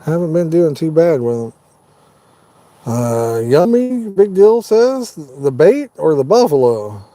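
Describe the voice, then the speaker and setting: At night inside his parked truck, a man from Indiana, United States, runs a fishing live stream and chats with viewers by name in an easygoing, folksy way. His mellow voice is on the high side with big pitch swings and a slow pace, in a dry recording.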